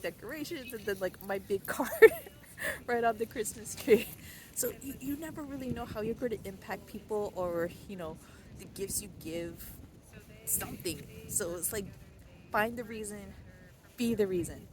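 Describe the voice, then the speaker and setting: A woman telling a story in a casual outdoor vlog, chatty, with lots of fillers and restarts. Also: medium pitch. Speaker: vlogger. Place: outdoors in cold, windy weather. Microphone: phone held by hand. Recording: loud wind and traffic noise outdoors.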